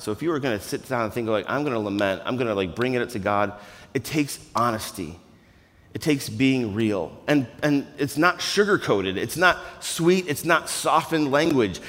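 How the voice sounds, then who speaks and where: A man delivers an earnest, conversational sermon and moves between hushed and loud passages. His voice sits at a middle pitch. A long reverb trails behind him, as in a big hall. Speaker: pastor.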